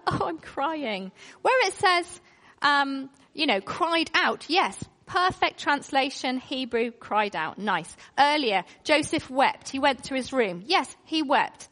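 High, lively woman preaching in a hall. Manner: expressive, storytelling delivery with emphatic pauses. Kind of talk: sermon.

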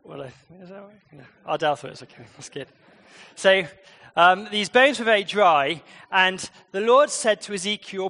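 Male preacher, bright and somewhat high voice, conversational sermon with lively shifts in loudness. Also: moderate pace. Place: church.

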